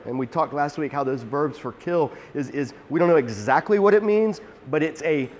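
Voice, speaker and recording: Emphatic male Bible teacher, hall reverb. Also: fairly high pitch. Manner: energetic, emphatic, conversational with repeated restarts.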